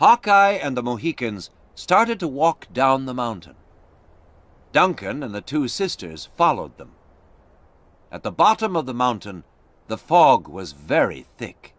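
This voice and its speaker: Slow, expressive male storyteller. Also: fairly low pitch, no room sound. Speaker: narrator. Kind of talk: slow graded-reader story narration.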